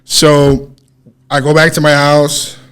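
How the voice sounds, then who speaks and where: Higher-voiced man telling a wild story. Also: slow, clear, resonant tone. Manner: animated, swears freely, acts out quoted dialogue. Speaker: podcast co-host. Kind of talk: casual storytelling.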